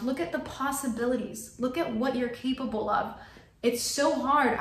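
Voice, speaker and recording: A woman with a somewhat high voice talks straight to camera in an earnest motivational pep talk. She repeats key phrases for emphasis. The room around her is echoey. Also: fairly bright tone. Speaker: lifestyle vlogger.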